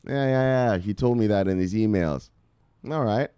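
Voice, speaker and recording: A middle-aged man talks loosely and brashly, swearing and teasing his viewers as he hosts a crypto stream. His voice is smooth and clear at an ordinary pitch. It sounds dry and close to the mic. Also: normal speed, dry recording. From United States. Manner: loose, swearing, joking, shouting "bang" at viewers' names. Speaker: crypto video host. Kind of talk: casual live-stream chat.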